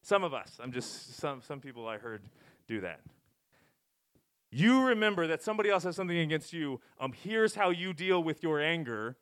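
A man's voice: a little high, moderate pace, clear, resonant tone. Rambling, wry man preaching a casual sermon. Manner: rambling, self-interrupting, wry and animated. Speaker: pastor.

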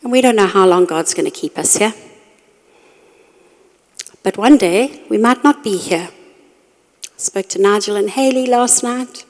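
A middle-aged woman giving a storytelling sermon to a women's group, animated when acting out her own reactions. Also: mid-range voice. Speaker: women's ministry speaker. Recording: long reverb of a hall.

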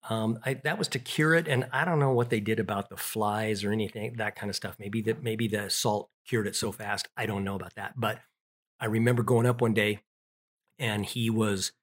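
A man's voice: lowish voice, fairly even intonation, normal speed. A middle-aged man telling childhood stories in an interview, rambling with restarts and fillers. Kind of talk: casual storytelling.

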